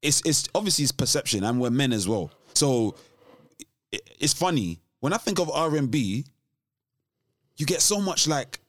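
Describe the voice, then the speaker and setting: Guy on a podcast, animated, restarts a lot, bouncy pitch, dry close mic. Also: normal speed, dry recording. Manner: animated, restarts often, laughs between points. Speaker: podcast co-host. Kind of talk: casual chat.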